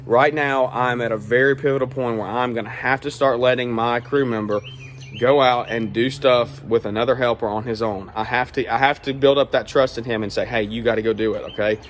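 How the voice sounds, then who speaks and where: A man's voice: medium pitch, fairly even intonation, fairly quick, slight background noise. A man who owns a small lawn care business, giving straight-talking advice in a casual vlog and tagging his points with "all right?" and "okay?".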